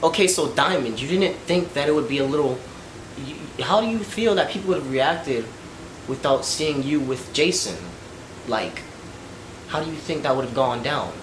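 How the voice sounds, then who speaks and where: A man's voice: a little high, animated, normal speed. A man interviewing a guest, asking casual questions hesitantly with many fillers. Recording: echoey room with faint background noise.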